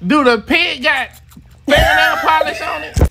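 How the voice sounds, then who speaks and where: A man's voice: very high voice, normal speed, gravelly, over loud music. A man hosting a reaction video, giving loose, joking running commentary full of swearing.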